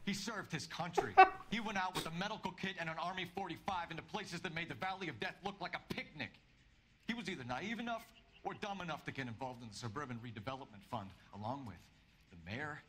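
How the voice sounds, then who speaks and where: A stern noir police detective. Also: male voice, fairly high pitch, lively intonation, a little fast, sharp tone, a little hiss or hum. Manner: stern, clipped, flares into threats. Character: hard-nosed male 1940s police detective. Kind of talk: video game cutscene acting.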